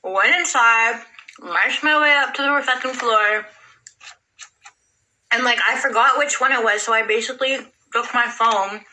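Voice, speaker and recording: A woman with a very bright, fairly high voice, telling a rambling story and swearing freely. She leans heavily on "like" and jumps from point to point. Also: unhurried, a little hiss or hum, rough recording. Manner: rambling, profane, heavy use of "like". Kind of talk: casual storytelling.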